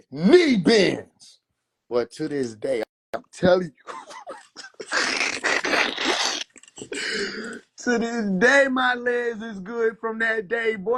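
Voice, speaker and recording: A man telling a comedic story on a phone livestream in an animated, drawn-out way. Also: high-pitched. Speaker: livestream host.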